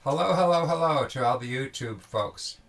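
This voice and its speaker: A man hosting a daily online singalong, greeting viewers by name in casual, halting talk with many restarts over a video call. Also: mid-range voice, lively intonation, gravelly, a bit bright. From Vermont.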